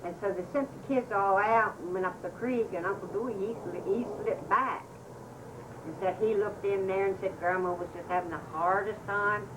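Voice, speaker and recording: An older woman from West Virginia recalls family stories at an easy, meandering pace, her voice at an ordinary middle pitch. She sits some way from the microphone in a home recording with a noticeable hiss behind her. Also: fairly even intonation. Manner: rambling, unhurried, laughs often. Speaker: family storyteller. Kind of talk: reminiscing oral history. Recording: distant mic, noisy home recording.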